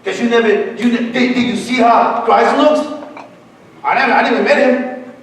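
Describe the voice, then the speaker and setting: A man preaching his personal testimony in a church, halting and repeating words, with broken English grammar. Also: extremely high pitch, steady tone, slight background noise. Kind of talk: sermon testimony. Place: church hall. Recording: echoey hall from far off.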